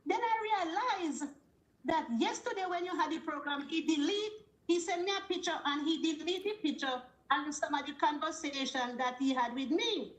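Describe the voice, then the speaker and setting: High-voiced woman telling her story. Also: moderate pace, reverberant, poor audio. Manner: animated storytelling with quoted dialogue. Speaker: caller. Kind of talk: call-in story.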